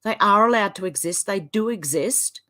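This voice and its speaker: An expressive, fairly bright-toned woman with an Australian accent gives casual commentary as a vlogger, reading posts aloud. Indignant and sarcastic, her pitch swings quickly.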